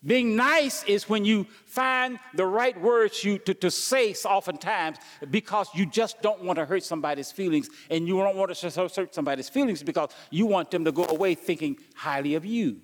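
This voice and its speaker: A pastor preaching in a church sanctuary, his voice pitched a touch high. He stumbles and repeats himself while asking the congregation questions. A long echo from the hall trails his words. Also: moderate pace, few pauses. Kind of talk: sermon.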